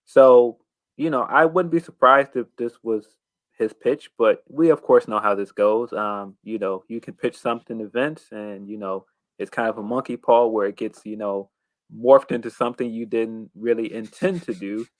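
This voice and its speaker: A man's voice: fairly low pitch, moderate pace, no room sound. A man co-hosting a casual wrestling talk show, thoughtful and hesitant, with plenty of fillers. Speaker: podcast co-host.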